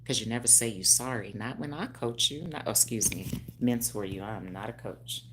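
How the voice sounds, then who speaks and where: A woman in her fifties, a hairstylist speaking on a phone livestream, animated and preachy with frequent laughs. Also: rumbling low, brisk, noisy background. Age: 50s. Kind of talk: casual livestream talk.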